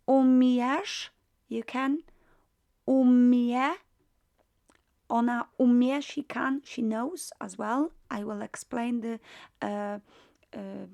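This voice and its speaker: Female language teacher, slow and patient, repeats each form, raspy-edged tone. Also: on the high side, dark tone. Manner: patient, repeats words with drilled pronunciation. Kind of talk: slow explanatory lesson.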